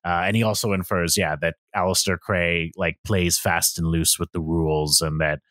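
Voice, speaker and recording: A man's voice: sits low, flat delivery, normal speed, a bit bright, no echo, studio quality. A man co-hosting a podcast, laid-back and making crude jokes in casual chat. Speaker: podcast co-host.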